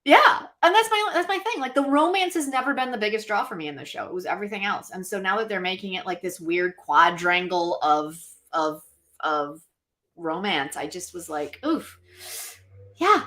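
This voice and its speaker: A woman's voice: medium pitch, normal speed. A woman co-hosting a live chat stream, talking casually and animatedly to viewers and co-hosts. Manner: chatty, animated, talks to viewers directly. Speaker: podcast co-host.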